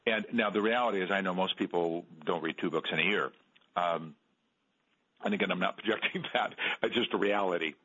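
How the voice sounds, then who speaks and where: A middle-aged man, an author guest on a radio interview, telling stories in an earnest, halting way and repeating words. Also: low-pitched, pushed and bright. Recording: dull lo-fi radio sound.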